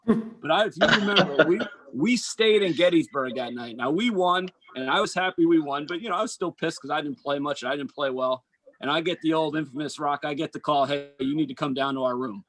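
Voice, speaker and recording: A man, a basketball coach and former college player, telling stories in an animated, casual chat. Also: on the high side, slight background noise, low-quality recording. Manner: animated storyteller, quick asides and restarts.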